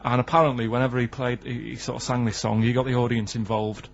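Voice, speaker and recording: A man's voice: mid-range voice, little pitch movement, fast talker, creaky, highs cut off, a little hiss or hum. A man with a Mancunian accent, a radio show regular telling stories in a hesitant, plain-spoken way. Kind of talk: casual radio banter.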